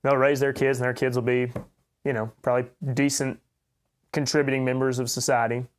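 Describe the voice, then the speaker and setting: A man's voice: mid-range voice, level tone, fairly quick, smooth. A man with a light Oklahoma accent hosting a podcast, giving blunt, opinionated commentary and enunciating carefully. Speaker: podcast host. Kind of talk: commentary monologue.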